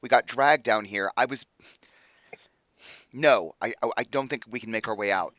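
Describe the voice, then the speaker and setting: A man's voice: fairly low pitch, lively intonation, a little fast, bright, forceful tone, no room sound. A man voicing a frantic, foul-mouthed male captive who stammers in panic. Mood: frantic, angry.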